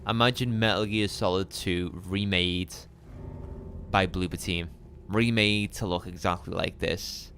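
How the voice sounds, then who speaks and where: Male streamer, laid-back musing commentary, low gravelly voice, soft music underneath. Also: unhurried. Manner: relaxed, musing, chatty with viewers. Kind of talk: live gameplay commentary.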